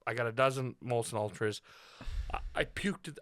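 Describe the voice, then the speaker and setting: A man on a podcast telling a rowdy drinking story in casual chat, swearing freely and loudly mimicking a friend. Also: mid-range voice, normal speed, no room sound, clean studio sound. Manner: profane, loud when mimicking a friend. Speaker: podcast co-host.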